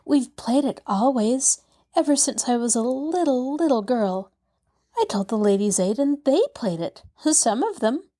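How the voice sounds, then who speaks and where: A cheerful little girl with a bright, eager, earnest voice, as a woman puts her on. Her pitch climbs high and bounces freely. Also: animated, unhurried.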